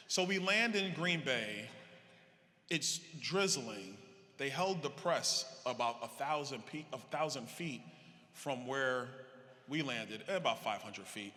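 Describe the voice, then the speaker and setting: A man giving a political convention speech, telling stories to a live audience with animated energy, acting out the dialogue. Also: medium pitch, slow pace. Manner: animated, acts out quoted dialogue. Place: large convention hall. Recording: reverberant hall with faint crowd ambience.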